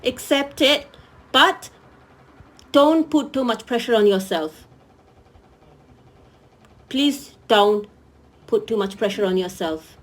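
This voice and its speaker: Hosting a live-stream talk, a woman speaks earnestly and pleads with her viewers, often repeating herself. Her fairly high voice is animated, and she takes it slowly with frequent pauses.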